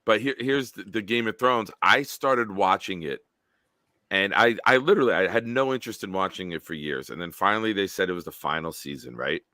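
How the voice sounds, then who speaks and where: A man with a lowish, bright, forceful voice hosts a casual livestream hangout. He tells stories with animation and swears freely. The sound is dry and close. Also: brisk, no room sound. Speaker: host.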